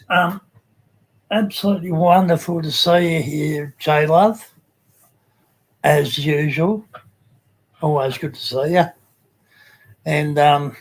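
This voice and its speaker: Slow, halting man hosting a livestream. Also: a little high, low-quality recording. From Australia. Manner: halting, many fillers, greets chat viewers by name. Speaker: livestream host. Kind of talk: casual livestream chat.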